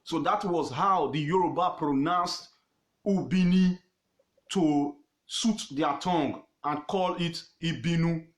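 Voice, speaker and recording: A man with a Nigerian accent teaching history informally on his own page, emphatic and repetitive, pausing often with fillers. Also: a little high, echoey room. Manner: emphatic, repeats words, pauses with fillers.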